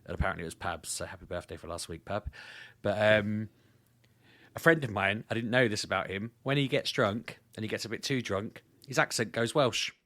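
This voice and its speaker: A man co-hosting a podcast, telling rambling stories in a chatty, animated way and laughing often. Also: lowish voice, fairly quick, no room sound. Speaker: podcast co-host. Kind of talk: casual podcast chat.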